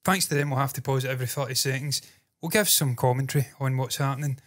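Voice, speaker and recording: A man's voice: medium pitch, fairly even intonation, fast talker, fairly bright tone. A man from the United Kingdom co-hosting a video reaction chat, sweary and sarcastic, prone to ranting asides. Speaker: co-host of a reaction channel.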